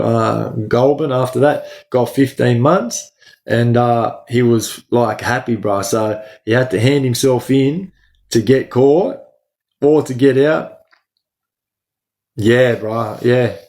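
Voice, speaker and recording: A man's voice: mid-range voice, steady tone, unhurried, darkish tone. A middle-aged Australian man hosting a casual livestream, answering viewers by name in slangy talk full of "bro". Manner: slangy, talks to chat by name, says "bro" a lot. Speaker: livestream host.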